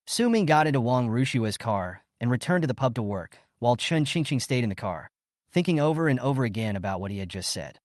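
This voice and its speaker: A man reading a scripted story recap as its narrator, in a steady storytelling manner. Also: mid-range voice, brisk, no echo, studio quality.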